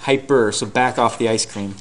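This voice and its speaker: A man teaching a class, lecturing and quizzing his students with rapid questions and answering them himself. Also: medium pitch, steady tone, very noisy.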